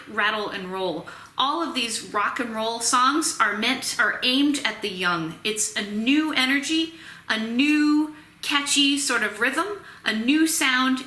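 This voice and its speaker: Female lecturer, recorded class, bright, fairly high voice, chatty with fillers, echoey room. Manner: chatty, full of fillers and restarts. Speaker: music history lecturer. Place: Tennessee.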